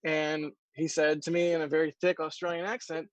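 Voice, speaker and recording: A man co-hosting a casual livestream, musing aloud and telling stories in a relaxed, trailing way. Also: a little high, fairly quick, dry recording, low-quality recording. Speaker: livestream co-host.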